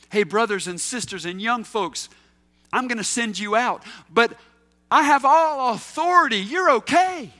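A preacher voicing a gentle, reassuring Jesus. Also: male voice, high-pitched, full character voice. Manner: tender, reassuring.

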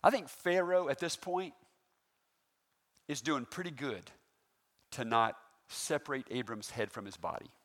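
A man preaching a sermon, animated and full of rhetorical questions to the congregation. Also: mid-range voice, measured pace, pauses often. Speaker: pastor.

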